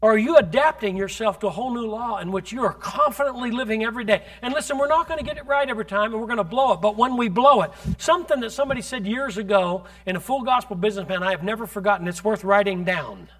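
Male preacher, high bright voice, fervent sermon style that pushes into shouting and calls out to the room. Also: quick pace, hardly any pauses. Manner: builds from conversational to fervent shouting; calls on the congregation directly.

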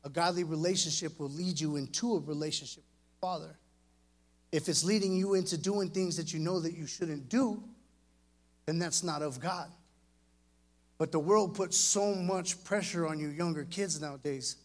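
A middle-aged man preaching an earnest, animated sermon to young people as a youth preacher. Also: fairly high pitch, normal speed. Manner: earnest and animated, speaking directly to the kids.

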